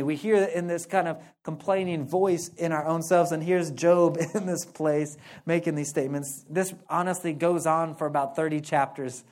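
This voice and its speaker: A male pastor giving a casual, conversational sermon, playful and animated, laughing often and dropping slangy asides. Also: a little high.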